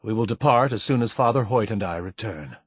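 A composed, formal male diplomat, voiced by a male narrator, measured and even. His voice is low and husky, recorded dry and close for a story reading. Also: no room sound. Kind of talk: audiobook character voice.

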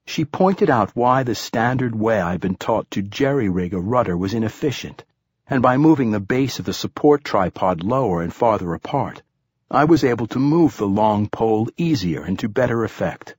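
A man reading an adventure novel aloud as an audiobook, in calm, measured storytelling. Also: lowish voice, breathy edge, dry recording, clean studio sound. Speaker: audiobook narrator. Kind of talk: scripted audiobook narration.

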